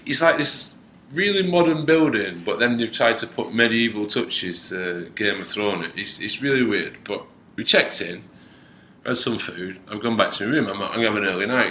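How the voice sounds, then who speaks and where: A man co-hosting a podcast, telling an animated story in casual chat and slipping into other people's voices. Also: fairly low pitch. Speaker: podcast co-host. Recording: echoey room with faint noise.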